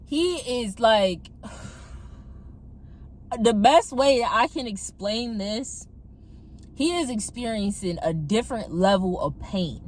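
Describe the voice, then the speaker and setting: Animated woman telling a testimony. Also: fairly high pitch, slow pace, long pauses. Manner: animated, addresses viewers as y'all. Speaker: testimony vlogger. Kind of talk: casual storytelling testimony. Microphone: phone camera.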